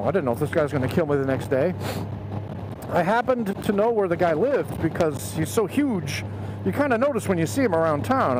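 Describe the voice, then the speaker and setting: Middle aged guy telling a story on his bike, helmet mic, bit high voice, road noise behind him. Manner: animated storyteller, acts out quoted voices. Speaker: motovlogger. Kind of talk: casual storytelling. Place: outdoors on a motorcycle. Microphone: helmet headset mic.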